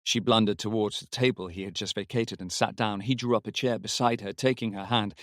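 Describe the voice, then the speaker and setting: A man narrating an audiobook story in a measured, even manner. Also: lowish voice, no room sound, clean studio sound.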